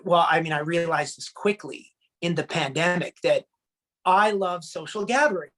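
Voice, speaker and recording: A man from Canada, a country singer, chatting as a guest in a casual video-call interview and telling stories with lively acted-out quotes. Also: fairly high pitch, moderate pace. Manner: animated storyteller, acts out quotes.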